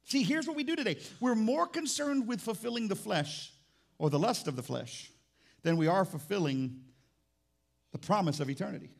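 A man preaches a sermon as pastor of a church, with a high voice and a gravelly texture. He talks to the congregation in a conversational, teasing way and swings between quiet asides and loud, emphatic lines. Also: animated, moderate pace.

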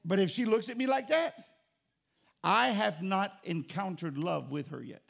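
Animated pastor with a high, gravelly voice. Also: male voice, unhurried. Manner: conversational preaching, animated and joking. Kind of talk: sermon.

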